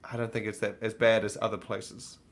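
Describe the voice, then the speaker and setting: A man's voice: fairly low pitch, flat delivery, brisk. A man with a New Zealand accent, a podcast panelist rambling in casual chat and swearing freely.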